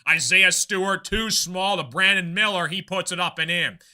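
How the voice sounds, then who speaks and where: A man streaming live play-by-play basketball commentary, calling the game in rapid runs of plays with casual chatty asides to his viewers. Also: sits high, sharp tone.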